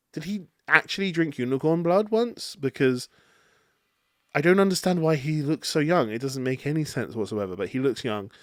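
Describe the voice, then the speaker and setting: A man's voice: mid-range voice, no room sound, studio quality. A man hosting a casual solo film review podcast, rambling and chatty with many fillers and restarts. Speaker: podcast host reviewing films.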